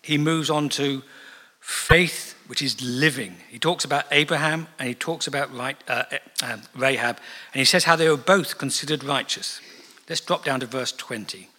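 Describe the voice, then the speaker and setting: A man preaching a sermon in a church, conversational and animated, with asides and acted-out quotes. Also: medium pitch, normal speed. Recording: long reverb of a church hall.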